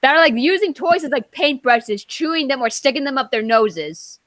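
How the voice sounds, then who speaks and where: A woman co-hosting a podcast who rambles casually and fills her sentences with "like". Her voice is high and swoops around a lot. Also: lively intonation, moderate pace, fairly bright tone, no room sound. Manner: rambling, lots of "like". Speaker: podcast co-host.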